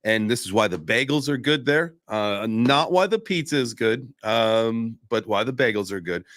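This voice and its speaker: A male podcast host talking in a loose, rambling way, drifting into tangents and then apologizing for them. His voice sits at an ordinary middle pitch. The sound is dry and close, with no room echo. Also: animated, normal speed, fairly bright tone. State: out of breath. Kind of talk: casual podcast chat.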